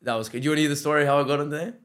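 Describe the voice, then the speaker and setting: An Australian man, a podcast guest, telling stories in a casual chat, lively and acting out what people said. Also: a little high, rapid-fire. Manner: animated, acts out quoted dialogue, says "bro" often.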